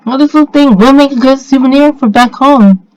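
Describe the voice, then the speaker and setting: Brief: man playing a cheeky kid sister, high and quick, dry read. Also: no echo, rough recording. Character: bold cheeky young girl, spellcaster.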